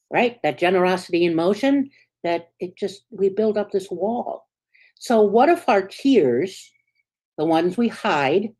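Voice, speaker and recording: Earnest conversational woman minister preaching. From United States. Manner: conversational, earnest, asks the congregation "right?"; swings between soft low asides and sudden bright emphatic peaks. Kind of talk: sermon.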